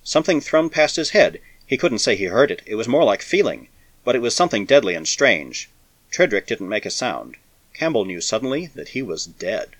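A man narrating a science fiction story with a dramatic, expressive reading. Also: mid-range voice, normal speed, dry recording. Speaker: audiobook narrator.

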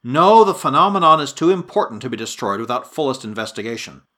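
A man's voice: medium pitch, big pitch swings, fast, bright, forceful tone. A man voicing a troubled male scientist who weighs his plans earnestly and resolutely. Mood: deliberating. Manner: earnest, deliberating, at times drowsy.

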